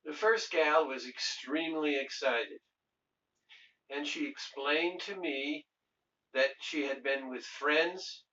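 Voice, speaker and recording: A male doctor telling patient stories and giving firm advice in a slow, deliberate, earnest way, recorded from a distant mic with dull sound. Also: a little high, sharp tone, echoey room, slight background noise. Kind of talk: storytelling video talk.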